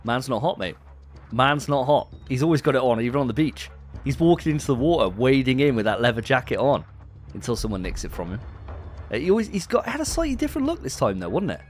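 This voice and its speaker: Animated man retelling film scenes. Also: mid-range voice, quick pace. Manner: animated storyteller, sweary, acts out scenes. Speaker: podcast co-host. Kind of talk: casual film review discussion.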